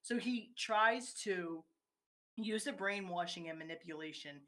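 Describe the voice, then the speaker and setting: A woman's voice: lowish voice, unhurried, fairly bright tone. A woman in casual conversation, walking through a film scene step by step and acting out its quoted lines.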